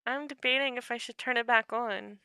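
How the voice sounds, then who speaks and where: A woman's voice: fairly high pitch, fairly even intonation, fairly quick, pushed and bright, smooth, no echo. A woman writer casually chatting during a writing livestream, talking in a chatty way with many fillers. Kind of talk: casual chat while writing.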